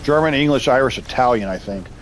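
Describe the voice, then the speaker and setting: A man's voice: mid-range voice, animated, quick pace, a little hiss or hum. A man hosting a live game stream, chatting casually with viewers, rambling and laughing often as he reacts to their messages. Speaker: live-stream gamer host.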